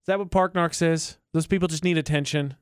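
A man's voice: fairly even intonation, fairly quick, clean tone, no room sound. A man with a dry, self-mocking way of talking, co-hosting a casual radio show and reading its promos. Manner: dry, self-mocking, low-key delivery. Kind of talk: casual morning show banter.

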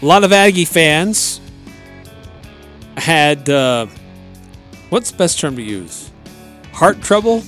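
A man hosting a sports talk radio show from a studio, recounting plays in an animated way. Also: on the high side, takes it slowly, long pauses, faint music behind.

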